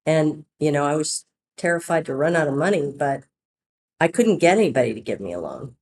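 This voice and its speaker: A woman founder telling her business story in a casual podcast interview, chatty and animated, acting out quoted dialogue. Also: low-pitched, brisk.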